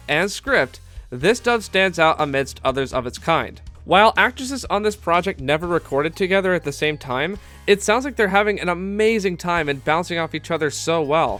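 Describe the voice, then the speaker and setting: A man's voice: a little high, fairly bright tone. A man giving scripted video-essay narration as an anime commentator, enthusiastic and candid with fan asides.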